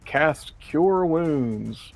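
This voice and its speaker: A man playing a tabletop game, musing slowly over his moves and laughing often. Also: fairly high pitch, lively intonation, creaky, slight background noise. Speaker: player. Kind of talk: casual tabletop game play.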